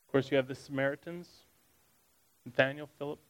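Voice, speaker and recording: A man leading a Bible study in an easy, conversational way. He reads passages aloud, then breaks them down with casual asides and questions for his listeners. His voice sits at an ordinary, mid-range pitch. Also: steady tone, a little fast, fairly bright tone, highs cut off. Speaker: Bible teacher.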